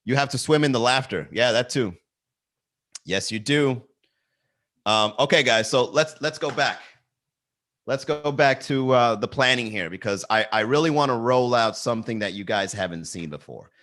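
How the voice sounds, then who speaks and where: A man's voice: mid-range voice, moderate pace, a bit bright. A male comedian hosting a casual livestream from his garage, riffing at a camera and laughing at his own jokes. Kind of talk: casual solo livestream chat. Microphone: talking to a camera.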